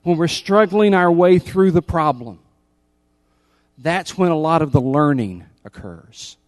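A man's voice: on the high side, animated, a little slow, no room sound. Emphatic male preacher, dry close sound. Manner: emphatic preacher, repeats key lines, swings from loud to hushed. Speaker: pastor. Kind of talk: sermon.

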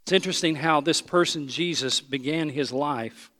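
High-voiced male preacher in echoing hall. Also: moderate pace. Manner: emphatic, repeats phrases, drops to hushed tones. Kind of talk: sermon. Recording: long hall reverb.

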